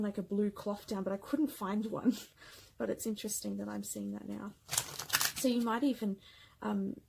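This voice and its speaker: A woman gently and affectionately gives a pick-a-card tarot reading, growing emotional and often asking "okay?" to check in. Her mid-range voice is creaky, and the low-quality recording carries a faint hiss or hum.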